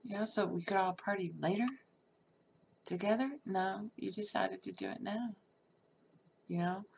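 Gravelly woman telling her story. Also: mid-range voice, steady tone, moderate pace, pauses often, a little mellow, slight background noise. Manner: candid and salty, with frequent fillers and laughs. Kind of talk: personal life story told casually.

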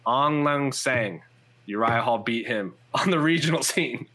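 Bright-voiced man chatting about fights. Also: mid-range voice, animated. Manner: rambling, quick lists of fights with many fillers. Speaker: MMA podcast host. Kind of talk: casual chat. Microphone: headphones and studio mic.

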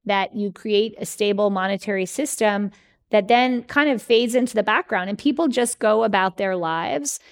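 A woman speaking as a guest in a conversational interview, telling stories with lively acted-out quotes. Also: medium pitch. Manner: animated storyteller, acts out quoted letters. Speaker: guest author, historian.

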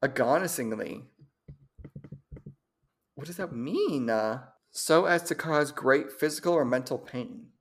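A woman's voice: deep voice, lively intonation, unhurried, pauses often, husky. A woman chatting casually and reading short horror stories aloud, laughing often and stumbling over long words.

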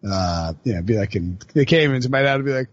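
A man's voice: medium pitch, lively intonation, fast talker, lo-fi sound. A man hosting a casual sports podcast, rambling with lots of fillers and laughing as he talks. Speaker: podcast host.

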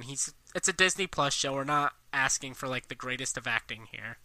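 A man co-hosting a podcast in casual chat, quick and animated, full of "like" fillers. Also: medium pitch. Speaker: podcast co-host.

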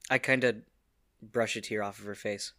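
A man playing his character in a tabletop game, rambling in an unhurried way and laughing at his own lines. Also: lowish voice, fairly even intonation, sharp tone. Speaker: player. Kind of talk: tabletop role-play.

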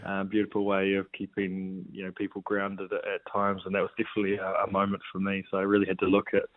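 A man's voice: low voice, monotone, fast, dry recording. A man, a rugby player chatting as an interview guest, hesitant with many ums and restarts. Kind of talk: casual interview chat. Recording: tinny phone-line sound.

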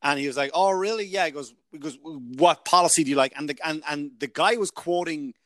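A man's voice: on the high side, fairly quick, fairly bright tone, no room sound. A man hosting a podcast, chatting casually in a rambling way and swearing now and then. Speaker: podcast host.

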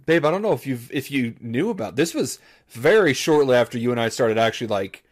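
A man's voice: mid-range voice, expressive, brisk. A young man co-hosting a podcast, telling a story in casual chat and rambling through many restarts. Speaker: podcast co-host.

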